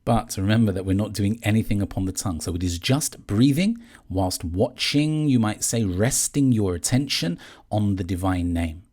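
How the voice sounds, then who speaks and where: A man calmly explaining a meditation practice step by step, in a measured teaching manner. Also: on the low side. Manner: calm, measured, gently explaining. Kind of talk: guided instruction on meditation.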